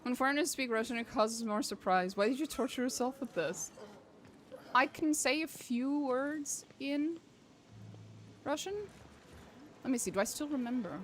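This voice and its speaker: A woman's voice: high-pitched, normal speed, pauses often, a little hiss or hum. Chatty young woman streamer, swearing casually. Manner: chatty, swearing, laughing often. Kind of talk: casual chat while gaming.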